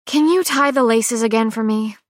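A woman voicing a wry, impatient young heroine in an audiobook, speaking in a brisk, dry-humored way. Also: fairly high pitch, no room sound, pitched above the performer's own voice, natural voice. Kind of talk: audiobook character voice.

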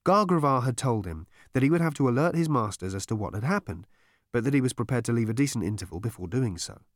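A male audiobook narrator with a wry, theatrical delivery, his pitch rising and falling all over the place. The recording is close and completely dry, with no room sound at all. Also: animated, fast talker, no room sound. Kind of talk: expressive storybook narration.

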